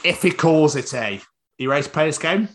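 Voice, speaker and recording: A British man hosting a podcast, bantering casually, swearing freely and acting out little everyday scenes in quick put-on voices. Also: a little high, expressive, fairly bright tone. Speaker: podcast host.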